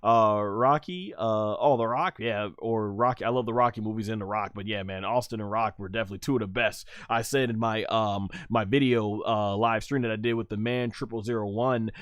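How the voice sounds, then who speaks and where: A man's voice: on the low side, fairly even intonation, brisk, hardly any pauses, a bit bright, clean tone, dry recording. Rambling, casual man on a live stream. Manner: rambling, reads chat messages aloud, many fillers. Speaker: wrestling streamer.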